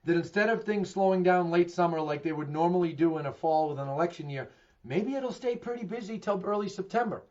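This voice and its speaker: A middle-aged man with a Boston accent talks through the housing market to camera, frank and emphatic. He keeps posing questions and answering them himself, in a voice sitting a little high. The recording sounds dull and lo-fi. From Massachusetts. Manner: candid, emphatic, asks and answers his own questions. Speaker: real estate agent giving a market update. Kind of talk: direct-to-camera market commentary.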